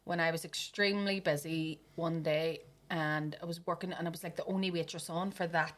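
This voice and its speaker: A young woman chatting casually on a podcast as a lively storyteller who swears freely. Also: low-pitched, brisk.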